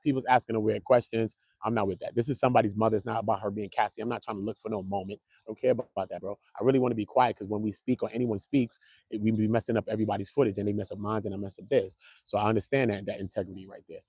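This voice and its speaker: Casting: male commentary host, quick slangy delivery, dry close-mic sound, mid pitch. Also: husky, no echo. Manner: animated, slangy, keeps calling viewers bro. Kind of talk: casual online commentary.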